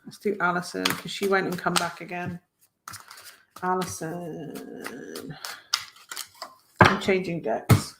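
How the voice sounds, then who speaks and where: A woman's voice: on the low side, flat delivery, moderate pace, vocal fry, heavy background noise. A woman reading cards on a live stream, chatting casually and encouragingly with viewers as she reads out their comments. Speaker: tarot reader hosting a live stream.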